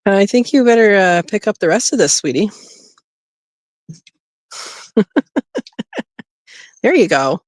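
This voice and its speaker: A woman's voice: medium pitch, lively intonation, measured pace, pauses often, darkish tone, no room sound, clean studio sound. A woman hosting a homesteading live stream, chatting casually and talking sweetly to her rabbit, recorded on a phone. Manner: coos and talks to her rabbit, laughs often. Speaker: homesteading livestream host. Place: outdoors by a rabbit hutch.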